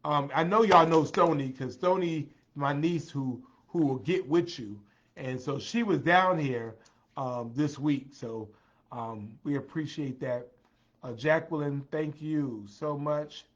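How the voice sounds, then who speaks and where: A man's voice: a little high, slow pace, lo-fi sound. A tired man hosts a casual livestream, greeting viewers by name and repeating his phrases. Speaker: livestream host.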